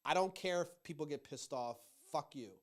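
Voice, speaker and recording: A middle-aged man rants about politics, cursing freely and yelling his points. His voice sits fairly high for a man. He rambles, restarts sentences, and stays fired up throughout. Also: moderate pace. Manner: fired-up, profane, yelling emphasis. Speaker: political commentary host. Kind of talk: profane political rant.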